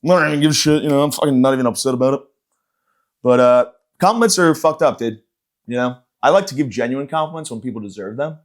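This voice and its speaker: A man's voice: medium pitch, quick pace. Profane ranting man podcaster. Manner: profane, sarcastic, rambling. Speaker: comedian podcast host. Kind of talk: ranting comedic monologue.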